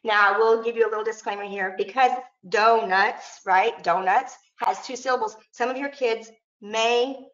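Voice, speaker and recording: A woman's voice: on the high side, steady tone, moderate pace, few pauses, fairly bright tone. A woman presenting a teacher training lesson, modeling classroom prompts in an upbeat way. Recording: echoey room, dull lo-fi audio.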